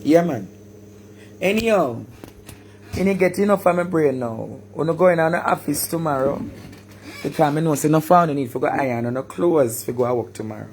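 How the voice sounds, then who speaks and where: A man from Jamaica with a Jamaican accent, ranting animatedly on a live stream, repeating words and bursting into shouts. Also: fairly high pitch, lively intonation, moderate pace, a little hiss or hum. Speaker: social media personality.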